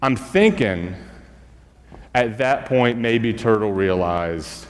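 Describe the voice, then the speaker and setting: A man who is a school chaplain, telling a folk tale in a relaxed, conversational sermon with fillers and asides to the congregation. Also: on the low side, slow. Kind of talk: storytelling sermon. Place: church. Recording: church hall reverb.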